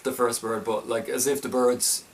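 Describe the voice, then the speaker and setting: A man's voice: medium pitch, fairly even intonation, moderate pace, far from the mic. A man casually reviewing a film, talking in a hesitant, stop-start way with many restarts.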